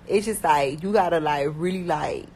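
A young woman with a Miami accent talks fast and bluntly, packing her sentences with slang and fillers. Her voice sits fairly low for a woman. A faint hiss of background noise runs under the recording. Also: a little mellow, low-quality recording. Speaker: rapper talking about her life. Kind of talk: casual chat.

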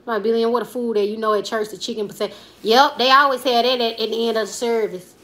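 Bright-voiced chatty woman in her twenties. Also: a little high, steady tone, quick pace. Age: 20s. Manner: chatty, slangy, rambling, laughing asides. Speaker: comedian and YouTuber. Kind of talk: casual live-stream chat reading viewer comments.

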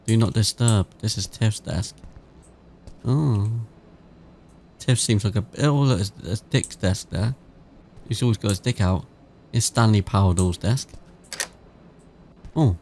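A gaming YouTuber from England, speaking British English in a lowish, mellow voice, does loose, chatty let's-play commentary. He reads game text aloud and swears freely, and a little hiss or hum sits in the recording.

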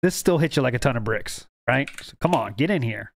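A man's voice: medium pitch, lively intonation, brisk, gravelly, a little hiss or hum. A man hosting a podcast in loose, joking reaction chat. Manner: joking, loose, laughs along. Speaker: podcast host.

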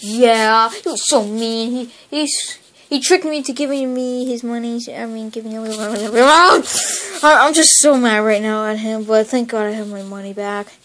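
A woman's voice: a little high, a little slow, fairly bright tone, voice pushed down. A woman voicing an upset male plush toy who lost his money, whiny and dramatic, in a homemade plush toy skit. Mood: sulky.

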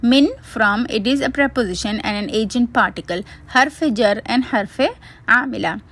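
A woman's voice: on the high side, moderate pace, fairly bright tone. A woman teacher reading a word-by-word grammar lesson, methodically spelling out root letters and terms.

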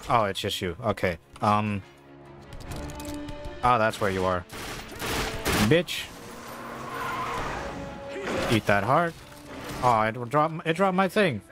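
A man's voice: fairly low pitch, a little slow, long pauses. A man casually commentating while playing a video game, laid-back and joking, reading tips aloud. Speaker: gaming video host. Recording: voice over loud game music.

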